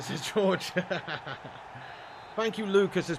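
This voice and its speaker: A man's voice: a little high, sing-song, slow, pauses often, background noise. A man live-streaming a football game, bantering casually with his chat, reading out comments and swearing freely.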